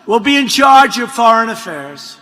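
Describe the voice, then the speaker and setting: A man giving a campaign rally speech, rambling and mocking, repeating himself and breaking into shouts. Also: extremely high pitch, big pitch swings, moderate pace. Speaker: politician addressing a rally. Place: large rally venue. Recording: long arena reverb, faint crowd ambience.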